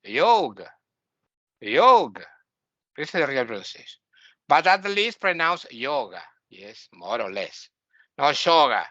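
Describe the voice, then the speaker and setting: A man's voice: medium pitch, animated, moderate pace, sharp tone, dry recording, dull audio. Blunt man lecturing. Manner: blunt, opinionated, repeats himself. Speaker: spiritual teacher. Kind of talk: spoken lecture.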